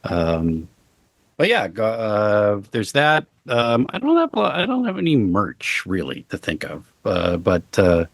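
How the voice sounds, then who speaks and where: A man as an interview guest, talking casually in a halting way with many fillers and deadpan jokes. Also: lowish voice, gravelly, no echo, studio quality. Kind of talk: casual conversation.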